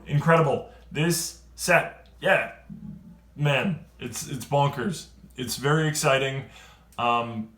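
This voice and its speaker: A man giving a casual, excitable card-game review, rambling and trailing off quieter at the ends of thoughts. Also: mid-range voice. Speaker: card game video creator. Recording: roomy echo.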